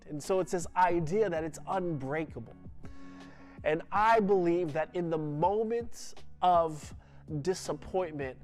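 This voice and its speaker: Emphatic male pastor preaching. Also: a little high. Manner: emphatic, with many repeated restarts. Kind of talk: sermon.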